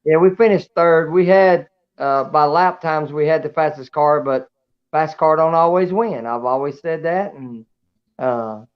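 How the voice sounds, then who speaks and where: A man's voice: a little high, unhurried, clean tone. A man, a race-winning guest, talking casually and plainly over a video call. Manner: folksy, plain-spoken. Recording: dull, muffled call audio.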